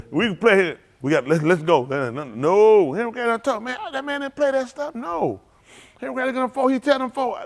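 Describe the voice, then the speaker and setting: A man's voice: very high-pitched, animated, brisk. A man preaching in a folksy storytelling sermon, laughing often and repeating phrases as he acts out quotes. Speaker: pastor.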